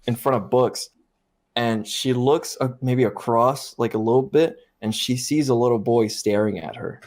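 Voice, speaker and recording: A man's voice: medium pitch, normal speed, a little mellow. A man with a middling voice telling a story on a podcast. He laughs often, swears casually and acts out the quoted lines as he goes. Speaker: podcast co-host.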